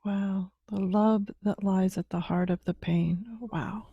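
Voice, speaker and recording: A woman's voice: medium pitch, steady tone, takes it slowly, warm tone, husky, no room sound, muffled recording. A woman hosting a podcast, reacting with breathless wows and asking long, rambling questions. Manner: effusive, exclaims wow, asks long rambling questions. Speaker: podcast host. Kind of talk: podcast interview.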